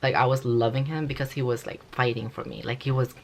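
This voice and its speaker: A woman's voice: a bass voice, fairly even intonation, fast, vocal fry, darkish tone. A young woman vlogger telling a story casually, rambling and swearing, with constant "like"s. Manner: rambling, profane, full of "like".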